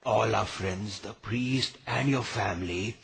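A low, gravelly and very raspy voice of a grave old temple elder, steady in tone. It is dubbed film acting. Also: male voice, measured pace, full character voice.

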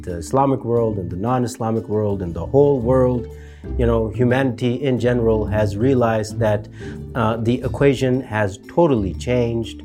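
A man's voice: medium pitch, normal speed, a little mellow, soft background music. A man giving a rambling, casual monologue commentary, full of fillers and mocking asides. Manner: rambling, heavy with fillers, mocking put-on voices. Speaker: political commentator.

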